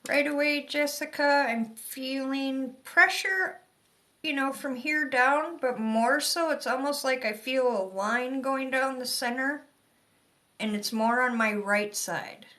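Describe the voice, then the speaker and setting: A woman with a Yooper accent from Michigan's Upper Peninsula gives chatty, rambling psychic readings on a live stream. Her voice is high, slow and a little bright, picked up by a phone or webcam.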